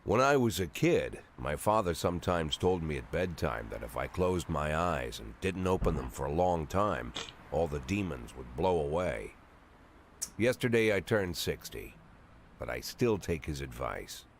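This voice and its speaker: An actor playing a cynical police chief in his sixties, narrating a game with dry, world-weary calm. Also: very deep voice, unhurried, slight background noise, exaggerated voice. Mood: brooding. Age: 60s.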